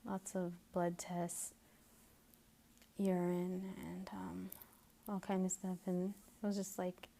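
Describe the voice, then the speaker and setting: A young woman telling a personal story in a casual vlog, hesitant with many pauses and restarts, a little out of breath and sometimes dropping to a whisper. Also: lowish voice, completely flat delivery, vocal fry, dark tone, a little hiss or hum. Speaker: vlogger.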